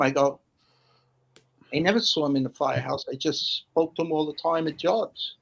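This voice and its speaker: Animated storytelling man. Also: fairly high pitch, moderate pace, creaky. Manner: animated storyteller, acts out quoted voices. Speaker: podcast guest, firefighter. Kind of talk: casual storytelling.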